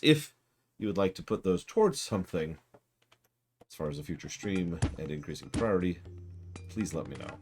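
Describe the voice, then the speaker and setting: A man streaming a game live, chatting casually and rambling with self-deprecating asides. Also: low voice.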